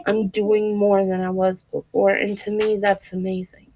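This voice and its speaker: A woman speaks straight to her viewers in a candid personal vlog, earnest and open. Her mid-range voice is warm with little pitch movement, her pace is measured, and the recording is rough.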